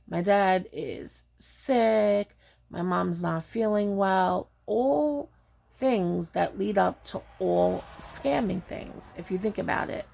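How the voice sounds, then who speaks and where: A woman tells a personal story in a casual, chatty way, blunt and full of fillers as she acts out both sides of a conversation. Her voice sits a little low and has a gravelly, fried texture. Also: a little mellow. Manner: frequent fillers like "like" and "um".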